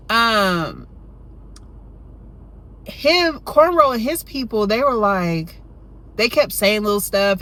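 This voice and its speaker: Chatty woman telling a rambling story. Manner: chatty, rambling, full of "you know" and "right?"; jumps high and loud when acting out her younger self. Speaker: storytime vlogger. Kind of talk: casual storytime chat.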